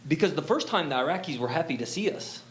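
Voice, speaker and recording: A man telling his own story in a relaxed, rambling way, full of fillers and quoted lines. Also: a little high, fast, background noise. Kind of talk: casual storytelling.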